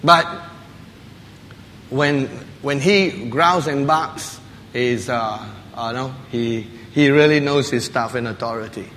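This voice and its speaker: Male pastor, animated and laughing storyteller, bright voice in a reverberant church hall. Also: mid-range voice, slow pace, slight background noise. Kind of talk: sermon. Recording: long hall reverb with faint ambience.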